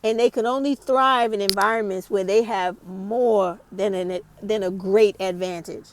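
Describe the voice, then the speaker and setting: A woman's voice: mid-range voice, steady tone, moderate pace, few pauses. A woman vlogger ranting to camera, blunt and heated, with a lot of swearing. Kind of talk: casual rant to camera.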